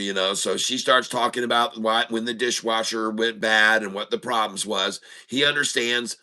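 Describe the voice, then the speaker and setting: A man's voice: fairly low pitch, steady tone, normal speed, bright, forceful tone, low-quality recording. A middle-aged man hosting a casual livestream, telling jokes and chuckling at his own punchlines. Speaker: host of a trading stream.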